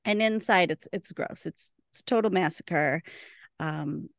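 Casting: chatty woman co-host, low-pitched with gravelly fry and a dry, close sound. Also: a little slow, no echo. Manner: chatty, laughs often, acts out characters' lines. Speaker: podcast co-host. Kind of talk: casual TV episode recap.

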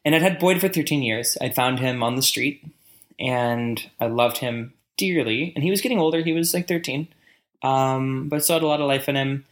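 A man telling a long personal story in relaxed chat. He pauses often and muses aloud, with frequent fillers. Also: mid-range voice. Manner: reflective storytelling, many fillers. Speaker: conversation partner. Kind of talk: casual chat.

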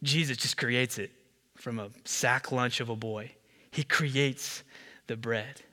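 A man preaching a sermon as pastor, animated, acting out the people in the story. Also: slow pace, big-room sound. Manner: animated, acts out the disciples and Jesus with rising pitch.

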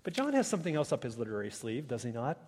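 A male pastor delivering a sermon in a church, moving from quiet asides to rising, emphatic preaching. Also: mid-range voice, wildly swooping pitch, very fast. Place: church sanctuary. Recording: long reverb of a large hall.

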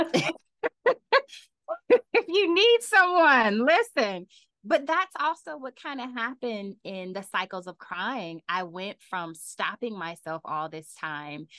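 A woman author answering podcast interview questions, talking animatedly and laughing often, her voice leaping up when she gets excited. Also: fairly low pitch, no echo. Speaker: author and guest.

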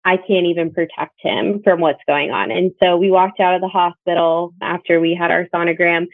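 A woman's voice: fairly low pitch, steady tone, moderate pace, no room sound. A young woman from Northern Virginia sharing her story as a bereaved mother, in an earnest, reflective, conversational way. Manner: earnest, reflective, quotes others in dialogue. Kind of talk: personal testimony, conversational storytelling. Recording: tinny phone-like line, dry.

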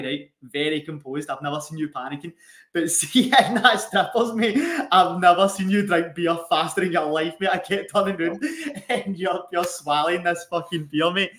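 A man's voice: sits high, moderate pace, a bit bright. A young man telling a rowdy story with lots of swearing and laughter, as a podcast co-host in casual chat. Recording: echoey room.

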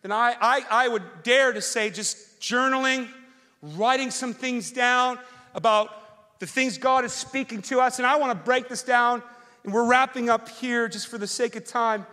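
A man preaching as pastor, telling an animated personal story that swings from loud rants to quiet, earnest reflection. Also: very high-pitched, unhurried. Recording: long hall reverb.

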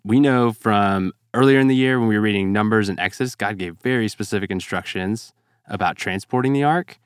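A low-pitched man talks through a Bible passage in a measured, explanatory way. His voice is smooth and clear. The sound is close and dry, with no room echo. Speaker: podcast guest. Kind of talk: Bible discussion.

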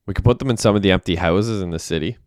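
A man's voice: sits low, rapid-fire, a little mellow, no room sound, lightly acted. A man reading aloud and voicing an awkward young man who talks in a dry, joking way.

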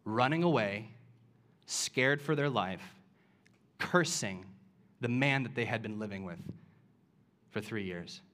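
A man's voice: mid-range voice, a bit bright. A man preaching a sermon, retelling scripture as a story and building to impassioned emphasis.

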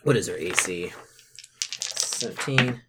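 A young man narrating as game master in a tabletop game, halting and full of fillers. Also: deep voice, animated, heavy background noise. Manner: halting, many fillers and restarts.

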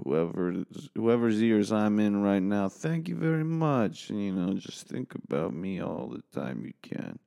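A man's voice: on the low side, big pitch swings, measured pace, gravelly, hardly any pauses, mellow. Profane, sarcastic American man rambling solo. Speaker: podcast host. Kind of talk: solo podcast monologue. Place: office. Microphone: studio microphone.

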